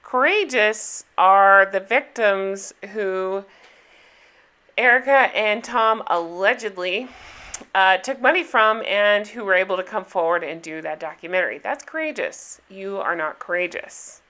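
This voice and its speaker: A middle-aged woman chats through her reality TV recap in a bright, forceful voice at an ordinary pitch. She talks like she is gossiping with friends, laying on the sarcasm and breaking into laughs. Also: measured pace. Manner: chatty and sarcastic, with frequent laughs. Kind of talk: casual chat.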